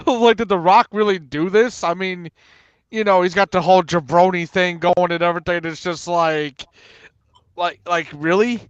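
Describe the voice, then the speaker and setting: A man in casual panel talk, telling stories with lots of acted-out quotes and laughter. His voice sits a little high and sounds smooth. The sound is dry and a bit dull. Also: measured pace, long pauses, no room sound. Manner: animated storyteller, acts out quotes, laughs often. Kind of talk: casual chat.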